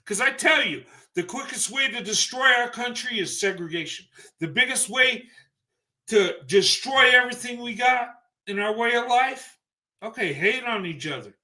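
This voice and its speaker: A man's voice: very high-pitched, lively intonation, moderate pace, sharp tone. A man ranting on a livestream, emphatic and profane, speaking in heated bursts. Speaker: livestream commentator. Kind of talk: ranting opinion monologue.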